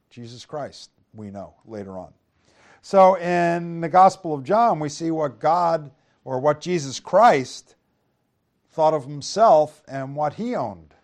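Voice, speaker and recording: A man's voice: fairly high pitch, darkish tone. A man preaching a Bible lesson in a conversational way, reading King James verses aloud and asking his listeners rhetorical tag questions. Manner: reads scripture aloud in King James wording; conversational with frequent restarts. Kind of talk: Bible teaching.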